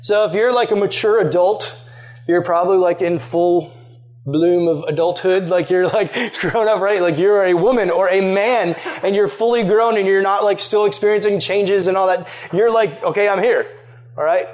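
A young man with a notably high voice preaches to a youth group in a loose, chatty way. He sprinkles in "like" constantly and throws questions out to his listeners. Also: moderate pace, a little mellow. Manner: chatty, loaded with "like" fillers, conversational. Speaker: youth pastor. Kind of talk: casual sermon with audience questions.

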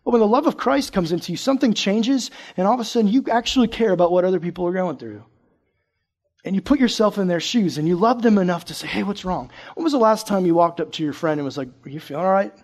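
A young male youth pastor gives a loose, joking sermon in a high, light voice. He talks like he's chatting with friends, then jumps into sudden loud outbursts to make a point. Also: animated, fast.

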